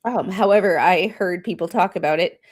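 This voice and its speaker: A woman's voice: on the low side, moderate pace. A woman co-hosting a live stream, giving snarky commentary and laughing often. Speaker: stream co-host.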